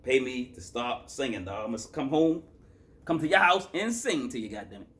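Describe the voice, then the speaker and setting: A man's voice: mid-range voice, sing-song, fairly quick, fairly bright tone. A man from Boston reviewing a hip-hop album in loose, rambling casual chat, tired after a work shift and full of fillers and self-corrections.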